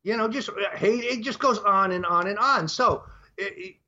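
A man's voice: high-pitched, moderate pace, sharp tone. An older man as an interview guest, speaking emphatically and laying out his points one by one, on dull lo-fi audio. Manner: emphatic, lays out numbered points. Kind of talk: talk show interview.

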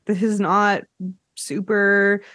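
A podcast host from Canada in casual chat, chatty and quick to laugh, with lots of filler words. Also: female voice, medium pitch, little pitch movement, fairly bright tone, no echo, clean studio sound.

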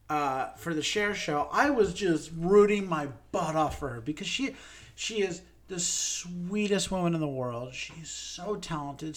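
A young man co-hosting a podcast, talking in a loose, chatty way and slipping in puns. He gets animated when he gushes about something he loved. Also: fairly high pitch. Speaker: podcast co-host. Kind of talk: casual chat.

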